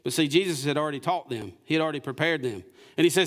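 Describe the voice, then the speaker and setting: A pastor delivering a sermon in church. His voice sits a bit high for a man and swings from loud declarations to hushed, close passages. He keeps the room engaged by asking rhetorical questions. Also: animated, fast talker.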